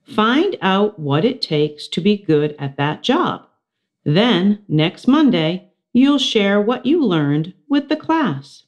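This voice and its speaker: A woman voicing a kind, patient schoolteacher who speaks warmly and encouragingly to her class. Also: mid-range voice, sing-song, slow, pitched above the performer's own voice. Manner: warm and encouraging.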